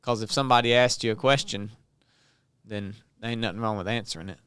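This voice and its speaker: A man's voice: fairly low pitch, a little fast, fairly bright tone, clear, resonant tone, no echo, studio quality. A man, co-hosting a podcast in laid-back, teasing casual chat. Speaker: podcast co-host.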